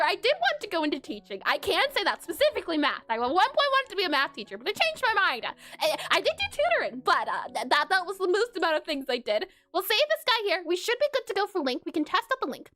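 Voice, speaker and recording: Very high, bright, giggly woman streamer. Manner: giggly and playful, laughs often. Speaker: game developer streaming. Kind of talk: casual live-stream chat while coding.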